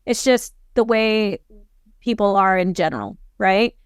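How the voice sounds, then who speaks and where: Female interview guest, earnest and emphatic, very clear smooth voice, dry sound. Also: mid-range voice, lively intonation, a little slow, dry recording. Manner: earnest, stresses points and checks in with a "right?". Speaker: guest, gym manager. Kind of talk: casual business interview.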